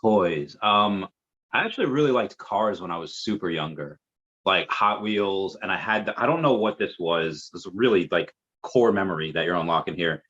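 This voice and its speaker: Guest: low-voiced man, rambly chatty delivery, dull lo-fi audio. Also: lively intonation, moderate pace, fairly bright tone. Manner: rambling, chatty, with many fillers. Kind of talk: casual conversation. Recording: muffled lo-fi audio.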